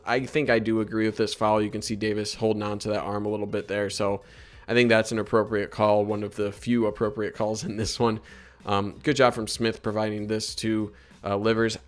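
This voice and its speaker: Laid-back man breaking down game film. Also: on the low side. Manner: conversational, critical of officiating, many fillers. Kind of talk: casual video commentary.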